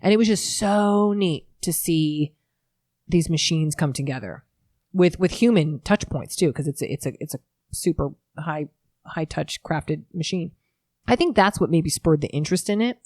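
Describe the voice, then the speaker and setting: Thirties woman, low register, dry close recording, animated self-deprecating storyteller. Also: no echo. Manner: lively storyteller, quick and self-mocking. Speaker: guest, startup founder. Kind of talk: casual interview chat.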